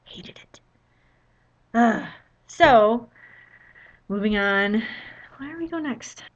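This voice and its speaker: A woman's voice: on the high side, expressive, takes it slowly, lo-fi sound. A young woman telling a travel story in a casual vlog, chatty and full of "you know" fillers. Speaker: vlogger.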